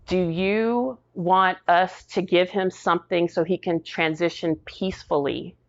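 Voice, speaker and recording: A woman's voice: fairly low pitch, lo-fi sound. A middle-aged woman guest telling a personal story with strong feeling. She talks casually, full of fillers, and acts out the quoted dialogue. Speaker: podcast guest.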